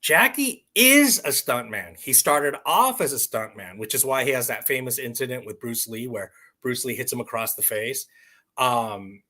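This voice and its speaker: A man's voice: medium pitch, normal speed, rough recording. Rambling, swearing man unboxing toys. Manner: rambling, swears often, bursts of loud excitement. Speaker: vlogger. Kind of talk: casual unboxing vlog. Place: someone else's home. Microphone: external mic on camera.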